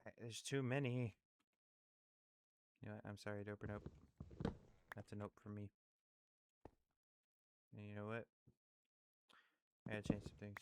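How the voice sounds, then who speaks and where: A man's voice: fairly low pitch, normal speed, creaky, long pauses, background noise. A man in casual rambling commentary, thinking aloud and apologizing often as he ranks favorite creators, full of fillers and restarts. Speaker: YouTuber ranking favorite creators.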